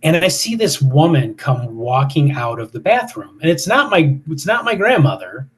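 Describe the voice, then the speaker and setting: A man's voice: fairly high pitch, big pitch swings, normal speed, husky. A man in his fifties, a paranormal investigator, telling stories casually in an interview with many fillers and restarts.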